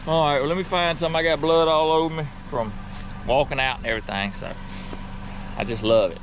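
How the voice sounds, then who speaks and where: A man's voice: fairly high pitch, fairly even intonation, brisk, a little hiss or hum. A young man chatting casually in an outdoors vlog, laughing often, folksy. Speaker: outdoors vlogger.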